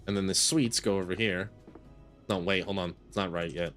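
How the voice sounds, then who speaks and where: A man's voice: sits low, fairly even intonation, moderate pace, a bit bright, faint music behind. A man giving casual gameplay commentary with a playful, mock-grumpy manner. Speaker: gaming video creator.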